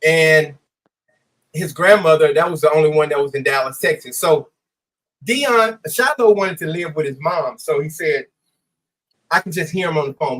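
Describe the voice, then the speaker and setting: A man, a former high school baseball coach, telling a story in a casual interview, acting out the dialogue and swearing freely. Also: moderate pace, long pauses, fairly bright tone, poor audio.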